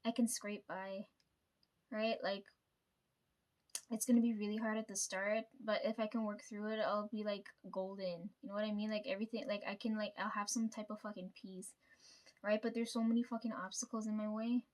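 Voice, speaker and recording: A woman's voice: mid-range voice, little pitch movement, a little fast, darkish tone. A young woman vlogging casually to her viewers, venting about family with lots of swearing and "right?" tags. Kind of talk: casual personal vlog.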